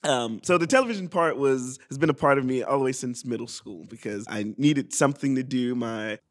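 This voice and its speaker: A young man from Georgia chats as a podcast guest, telling his story in a loose, rambling way. He pokes fun at himself as he goes. His pitch sits in an ordinary middle range. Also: brisk. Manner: rambling, self-deprecating storyteller. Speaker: guest improviser. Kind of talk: casual podcast chat.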